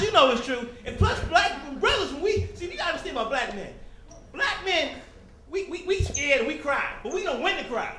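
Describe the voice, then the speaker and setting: High, lively stand-up comedian man. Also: fairly quick, roomy sound, a little hiss or hum. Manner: animated, slips into loud character voices; talks directly to the crowd. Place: comedy club stage.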